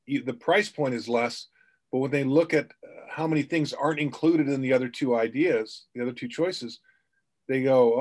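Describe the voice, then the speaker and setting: A man's voice: mid-range voice, normal speed. A middle-aged man, a sales trainer, telling anecdotes in a podcast interview and acting out the quotes.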